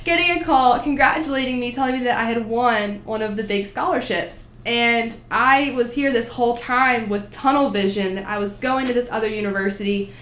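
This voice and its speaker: A woman's voice: fairly high pitch, brisk, hardly any pauses, fairly bright tone. Earnest New Jersey woman in a roomy space. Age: 20s. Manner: earnest, upbeat storyteller. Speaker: podcast guest. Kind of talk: casual chat.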